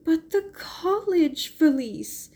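Woman reader doing a pleading young lady in a storybook, higher, breathy, tearful. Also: a little slow, warm tone. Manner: imploring, tearful. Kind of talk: audiobook reading.

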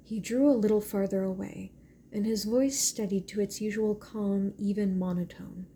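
A woman narrating a novel in a gentle, measured reading voice. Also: medium pitch, fairly even intonation, a little hiss or hum. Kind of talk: audiobook narration.

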